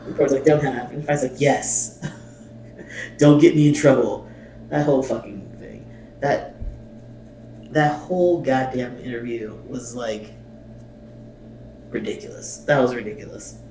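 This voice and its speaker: A man's voice: mid-range voice, fairly even intonation, measured pace, long pauses, a little mellow, faint music behind. A man hosting a reaction video, bluntly commenting and reading subtitles aloud with swearing and exasperation. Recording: echoey room, mic at a distance, faint noise.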